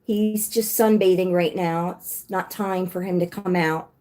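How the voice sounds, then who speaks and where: A woman's voice: on the low side, steady tone, measured pace, dark tone. A woman hosting a casual livestream, rambling and chatty as she answers comments from her viewers. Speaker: livestream host.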